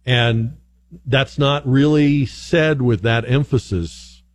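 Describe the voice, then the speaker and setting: A man hosting a call-in radio talk show, chatty and animated, now and then mimicking other voices as he tells stories. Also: mid-range voice, takes it slowly, a little hiss or hum. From northern United States. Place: radio studio.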